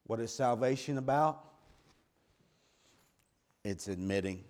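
A middle-aged male preacher delivering a sermon, dropping to slow, quiet words and then rising to loud hollering. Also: fairly low pitch.

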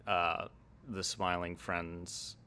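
A man with a very deep voice and a bright, forceful edge, chatting as a podcast guest. He is reflective and enthusiastic, often murmuring agreement while the host talks. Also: level tone, drawn-out words, slight background noise. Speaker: podcast guest, video essayist. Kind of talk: casual podcast conversation.

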